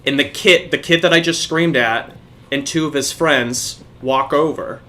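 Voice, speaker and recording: A man's voice: on the high side, measured pace, sharp tone. A young man, a podcast co-host, telling a profane story in casual chat.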